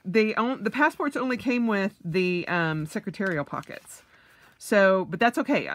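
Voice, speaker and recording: Gushing, excitable woman unboxing. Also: mid-range voice, dry recording. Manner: gushing, excitable, lots of oohs and yays. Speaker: vlogger. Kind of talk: casual unboxing vlog.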